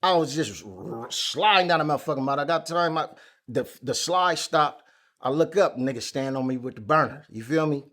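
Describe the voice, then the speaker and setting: A man as an interview guest, telling a story in casual chat, animated and full of street slang. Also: fairly high pitch, moderate pace. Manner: animated, acts out quoted lines loudly, heavy street slang.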